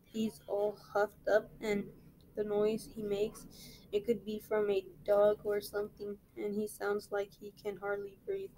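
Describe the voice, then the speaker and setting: Slow, mellow woman reading aloud. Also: mid-range voice, completely flat delivery, poor audio. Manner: plain, unhurried read-aloud with small slips. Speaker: reading teacher.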